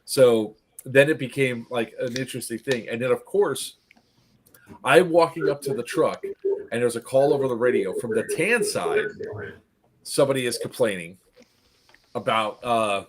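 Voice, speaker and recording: A man recounting an airsoft-style event to friends in casual chat, laughing often and acting out what the players yelled. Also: medium pitch, expressive, moderate pace, long pauses, slight background noise. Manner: laughing storyteller, acts out players' lines. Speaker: event organizer recapping a game. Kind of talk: casual group chat recap.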